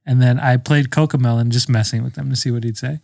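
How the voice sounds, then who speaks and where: A man's voice: mid-range voice, fairly even intonation, quick pace, vocal fry, darkish tone, dry recording, studio quality. A young man co-hosting a podcast in casual chat, joking and laughing often. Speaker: podcast co-host.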